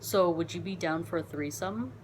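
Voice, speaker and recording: A pushy young man on a date, mumbling offhand remarks in a lowered voice that sits a little under an everyday woman's pitch, as a woman storyteller puts him on. He speaks quietly and casually, as if his blunt suggestions were nothing. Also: normal speed, close to an everyday voice.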